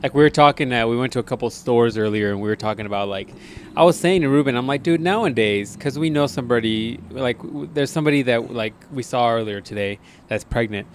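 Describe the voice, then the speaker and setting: Dude cohosting a podcast, loose slangy talk, laughs a lot, bit of hiss behind him. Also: male voice, medium pitch, quick pace. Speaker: podcast co-host. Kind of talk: casual crude banter.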